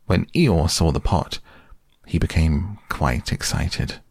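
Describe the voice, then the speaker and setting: A man narrates a storybook in a slow, measured way. His very deep voice has a gravelly, husky edge, recorded close and dry. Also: a little mellow, dry recording. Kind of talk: storybook reading aloud.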